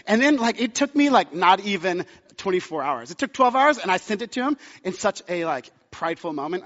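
A man's voice: sits high, expressive, a little fast, a bit bright, in a large hall, muffled recording. A man in his thirties preaching a sermon as pastor, chatty and storytelling with many fillers.

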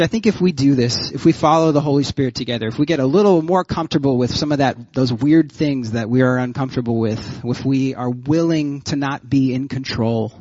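A man pastor giving a sermon, telling stories with lively energy and frequent laughter, then closing in prayer. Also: medium pitch, no echo, dull audio. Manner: animated storytelling, laughs often.

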